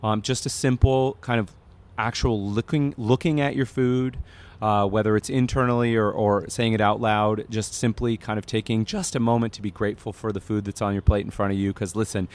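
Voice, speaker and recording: A man in casual conversation, an animated storyteller with frequent fillers who talks about stress and breathing. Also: on the low side, brisk.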